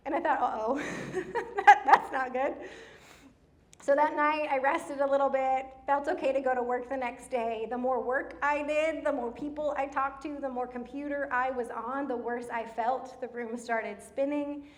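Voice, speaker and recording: High-pitched woman, middle-aged, pastor preaching, animated storytelling, slows for emphasis. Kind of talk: sermon. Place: church.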